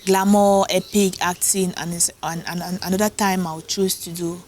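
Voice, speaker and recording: Animated woman telling stories. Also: fairly low pitch, moderate pace, slight background noise, low-quality recording. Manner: animated storytelling, often laughing. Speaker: actress and producer, interview guest. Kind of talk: casual interview chat.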